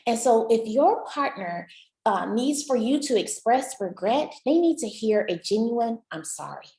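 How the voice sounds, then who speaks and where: A woman's voice: a little high, animated, unhurried, mellow, echoey room, low-quality recording. A woman giving relationship advice in an encouraging, chatty way, talking straight to her listener. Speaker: relationship coach. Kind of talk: motivational talk to camera.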